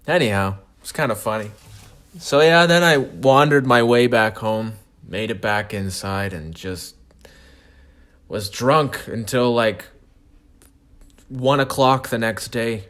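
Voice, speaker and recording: A man's voice: mid-range voice, takes it slowly, fairly bright tone. A man hosting a podcast, telling a comic story in a profane, self-mocking monologue. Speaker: podcast host.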